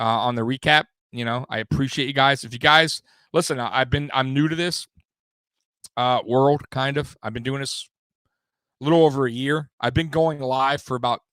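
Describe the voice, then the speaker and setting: A young man hosting a live sports show, swearing freely and rambling with sudden loud bursts. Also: medium pitch, smooth, no room sound. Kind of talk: casual live-stream sports talk.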